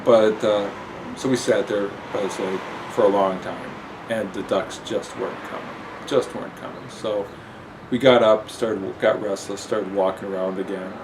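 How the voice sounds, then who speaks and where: Brief: man, lowish voice, casual self-mocking storyteller, air conditioner noise behind. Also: steady tone, moderate pace. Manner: rambling, self-mocking, many fillers.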